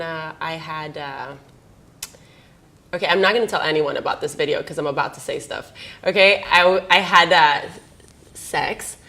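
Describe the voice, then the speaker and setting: A woman's voice: lowish voice, a bit bright. Giggly woman in her thirties, rambling. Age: 30s. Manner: rambling, giggly, laughs often. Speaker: interviewee. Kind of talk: candid personal storytelling.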